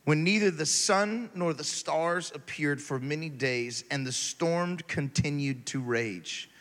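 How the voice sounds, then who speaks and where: A man preaching in a fairly high voice, shifting between hushed scripture reading and loud, driving exhortation. His words ring out with a long reverb that fills a large church hall. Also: slow. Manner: animated, swings from quiet reading to loud exhortation. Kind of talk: sermon.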